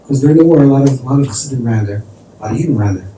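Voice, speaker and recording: A man's voice: mid-range voice, lively intonation, very fast, mellow. A man, a rabbi, telling a story in a conversational sermon, sprinkling in Yiddish and Hebrew terms. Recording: distant mic in an echoey room with faint noise.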